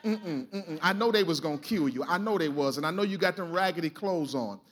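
A man's voice: fairly high pitch, expressive, brisk, pitched below the performer's own voice, natural voice. A man preaching a sermon voices a commanding male angel, urging in blunt, colloquial words. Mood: firm.

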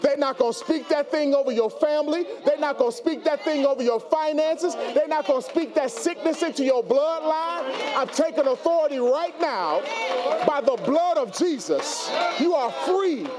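A male pastor preaching a sermon, calling on the congregation to answer back and building to shouts. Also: very high-pitched, normal speed, few pauses, over a noisy crowd. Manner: preaching with call-and-response and rising shouts.

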